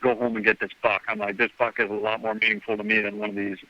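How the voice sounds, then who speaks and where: A man's voice: lowish voice, little pitch movement, quick pace, lo-fi sound. A man as a podcast guest, telling a rambling story and acting out the dialogue with "I'm like" quotes. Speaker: guest hunter. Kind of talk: casual storytelling.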